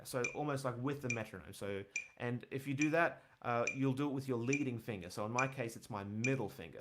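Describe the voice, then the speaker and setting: A man teaching bass in a casual livestream, rambling with lots of fillers as he answers questions. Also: fairly quick, background noise. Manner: relaxed, rambling, many fillers, counts and scats rhythms aloud. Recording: bass guitar playing behind.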